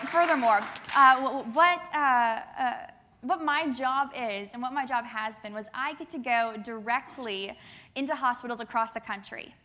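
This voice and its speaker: Bright-voiced young woman telling stories. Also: a little high. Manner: lively, animated storytelling with acted quotes. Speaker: keynote speaker. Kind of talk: storytelling speech to a youth assembly. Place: large assembly hall.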